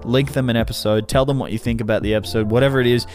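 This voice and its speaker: A man's voice: medium pitch, fairly even intonation, racing, darkish tone, soft background music. A man hosting his own solo podcast, talking casually to listeners, rambling, correcting himself mid-sentence and swearing offhandedly. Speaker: podcast host.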